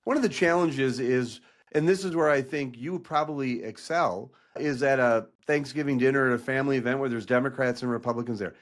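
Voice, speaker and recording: A man's voice: mid-range voice, a little fast. A man hosting a podcast, asking long, layered questions that he corrects and rephrases as he goes. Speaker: podcast host. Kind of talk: interview questions.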